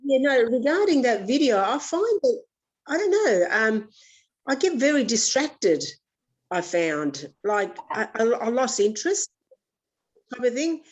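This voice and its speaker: A woman with a fairly high voice speaks up in an online workshop over a video call. She hesitates and searches for her words as she talks. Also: sing-song, a little slow. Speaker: workshop participant.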